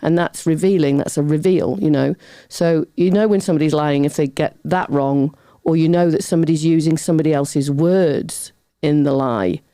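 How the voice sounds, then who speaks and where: A middle-aged woman, a guest on a talk show, telling a personal story in a lively way, often acting out other people's voices and wandering off on tangents. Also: low voice, normal speed, few pauses, dry recording, clean studio sound. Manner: lively, acts out quoted voices, goes off on tangents. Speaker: podcast guest.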